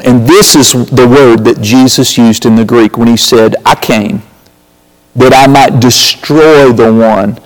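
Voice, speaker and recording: A man preaching a sermon as a pastor, emphatic, repeating phrases and calling out to the congregation. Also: on the high side. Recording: reverberant hall.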